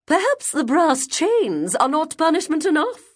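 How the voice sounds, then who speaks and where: A woman voicing a prim, sanctimonious woman guardian who scolds a child, reading an audiobook. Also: big pitch swings. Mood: sour, stern. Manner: shrill, preachy, slow and deliberate.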